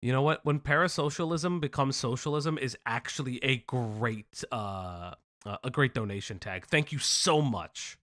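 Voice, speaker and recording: A young man hosting a casual live stream, reading news aloud with animated, profane joking asides. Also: mid-range voice, moderate pace. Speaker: stream host.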